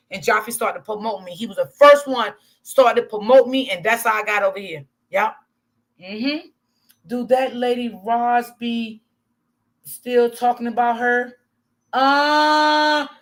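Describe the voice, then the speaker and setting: A woman's voice: fairly high pitch, bright, forceful tone. A woman hosting a casual livestream, talking candidly to her chat, swearing freely and laughing often. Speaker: livestream commentary host.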